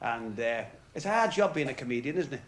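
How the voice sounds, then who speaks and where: A man's voice: medium pitch, lively intonation, fairly quick, slight background noise. A man doing a chatty club stand-up routine, joking with the crowd. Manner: chatty, jokey patter with the crowd. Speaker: stand-up comedian. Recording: old 1970s TV recording with audience laughter.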